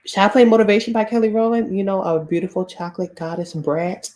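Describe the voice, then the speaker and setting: A woman's voice: mid-range voice, fast, warm tone. A woman co-hosting a casual online chat show, playful and self-conscious, laughing often. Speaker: podcast co-host.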